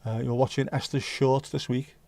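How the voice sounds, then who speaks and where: Gravelly-voiced man hosting a chatty livestream. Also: medium pitch, level tone, moderate pace, warm tone. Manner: jokey banter with viewers, drops into Dutch and Spanish. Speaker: livestream host. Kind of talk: casual chat reading viewer comments.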